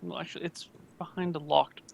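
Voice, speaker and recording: Gravelly-voiced male game master. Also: on the high side, fairly even intonation, a little mellow, no echo. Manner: casual, halting narration with many fillers. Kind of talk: narrating a tabletop game.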